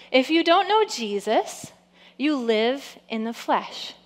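A woman preaching a sermon, reading scripture and acting out the people in the story with lively asides. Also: on the high side. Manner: lively preaching, acts out quotes, frequent "come on". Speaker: pastor.

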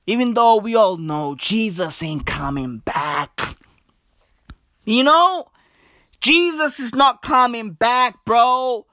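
A young South African woman doing profane, animated stand-up comedy full of slang. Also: on the high side, slow pace, no room sound, clean studio sound.

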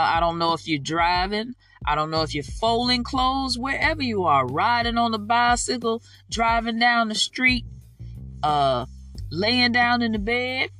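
A podcast host leading spoken prayer and faith declarations. They talk with fervor, repeat each declaration slowly for listeners to echo, and drop into folksy, informal asides between prayers. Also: medium pitch, bright, forceful tone, far from the mic.

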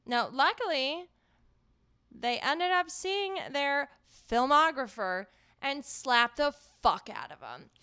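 A woman's voice: sits high, big pitch swings, takes it slowly, sharp tone, dry recording, clean studio sound. A woman in her twenties co-hosting a podcast in casual chat, swearing freely, laughing, and packing her talk with "like". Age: 20s. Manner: profane, laughing, filler-heavy. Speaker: podcast co-host.

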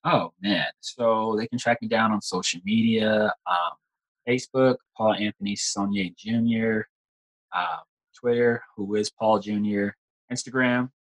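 A man's voice: on the low side, measured pace, poor audio. A young man, an actor chatting in a casual interview, rambling and repeating words. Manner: rambling, repeats words, says "like" and "you know" often. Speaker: actor guest.

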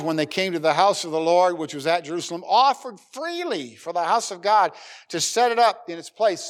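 A middle-aged male pastor delivers a sermon in a folksy, joking way. His voice sits a little high for a man. It rises and drops sharply in pitch and loudness from phrase to phrase.

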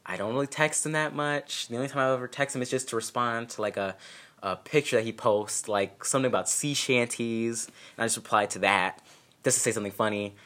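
Young man, bright forceful voice, casual storytime, swears freely, jokes about himself. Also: mid-range voice, fairly even intonation, fairly quick. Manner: candid, profane, self-mocking humor.

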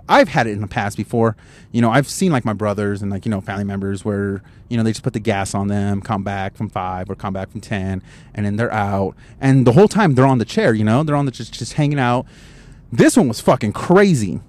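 A man with a mid-range voice hosts a casual solo podcast from his parked car at a gas station, holding a handheld microphone and wearing headphones. He tells stories in a rambling, profane way.

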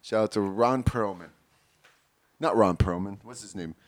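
A man's voice: fairly low pitch, measured pace, dry recording. Teasing male podcast co-host, dry sound. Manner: teasing, crude, laughs often. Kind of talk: casual podcast banter.

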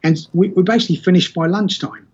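A man with a husky, slightly raised voice talks in a loose, conversational way, often restarting his sentences as he explains his view. The recording sounds muffled and lo-fi. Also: high voice, quick pace. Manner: rambling, self-correcting storyteller. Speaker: podcast guest. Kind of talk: casual conversation.

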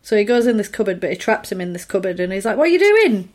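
Speaking very fast at a medium pitch, a woman co-hosting a podcast chats casually while recapping a film. Her retelling is animated, and she acts out the characters' lines.

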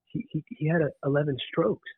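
A man telling a story in casual conversation, animated, often restarting and repeating words. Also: a little high, fairly quick, breathy edge, no room sound. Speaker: podcast guest. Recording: tinny phone-line sound.

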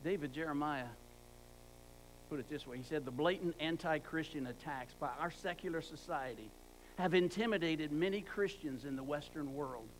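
Male preacher, high voice, emphatic and repetitive, restarts words, faint hum underneath. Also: moderate pace, poor audio. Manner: emphatic, repeats words for stress. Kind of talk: sermon.

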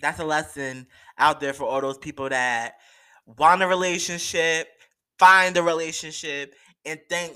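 A man talking solo on his podcast, chatty and gossipy, full of slang and fillers. His voice is bright and crisp, a bit high for a man. He takes his time and lets his pitch swing widely. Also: measured pace. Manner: animated and gossipy, with slangy asides and many fillers. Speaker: podcast host. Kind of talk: casual solo podcast chat.

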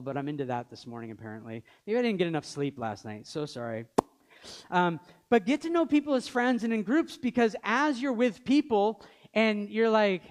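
A young man with a high voice preaches a sermon. He talks loosely and jokes, and he acts out the people he quotes. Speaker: pastor.

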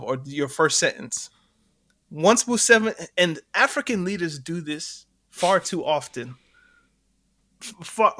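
A man co-hosting a podcast, telling a story in animated casual chat and laughing between points. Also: medium pitch. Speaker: podcast co-host.

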